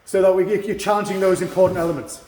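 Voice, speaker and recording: A man's voice: sits high, steady tone, fast talker, darkish tone, reverberant, a little hiss or hum. A man, a karate instructor, teaching an online seminar over a video call, encouraging and checking understanding with frequent "yeah?".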